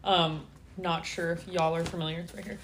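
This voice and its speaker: A woman's voice: lowish voice, steady tone, moderate pace, background noise. A young woman co-hosting a casual faith podcast, laughing often and acting out little quoted voices as she talks. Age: young adult. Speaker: podcast co-host.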